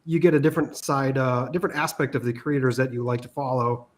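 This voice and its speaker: A man's voice: mid-range voice, steady tone, quick pace. A man from Minnesota hosting a casual livestream, laid-back and loose with fillers. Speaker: livestream host.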